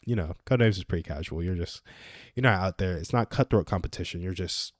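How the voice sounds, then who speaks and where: Twenties male stream host, low voice, dry close sound, rambling and self-amused. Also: fast, no room sound. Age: 20s. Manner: rambling and self-amused, chuckles at his own stories. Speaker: livestream host. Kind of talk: casual solo livestream chat.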